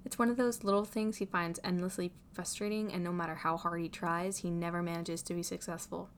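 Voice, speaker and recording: Brief: woman narrator, slightly low voice, calm, even audiobook reading. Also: fairly quick, a little hiss or hum. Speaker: reader. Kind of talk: fan fiction audiobook narration.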